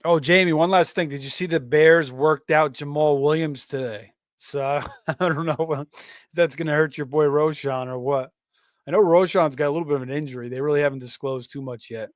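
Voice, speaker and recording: A man's voice: a little high, steady tone, normal speed, no room sound, studio quality. A man hosting a live fantasy football stream, talking casually with many fillers and restarts while reading out chat messages. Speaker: fantasy football livestream host.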